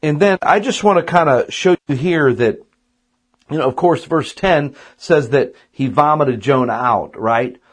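A man's voice: a little high, unhurried, husky. A man teaching a casual sermon on a Bible passage, chatty and conversational, often tossing in "man" and "right?". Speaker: preacher.

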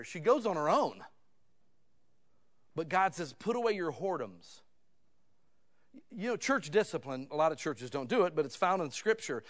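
A male pastor delivers a sermon conversationally, sinking into quiet asides and then swelling into loud, pleading emphasis.

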